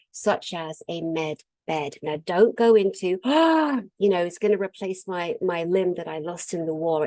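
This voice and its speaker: A woman hosting and announcing a conference to her viewers in an earnest, excitable monologue full of fillers. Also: on the low side, no room sound, rough recording.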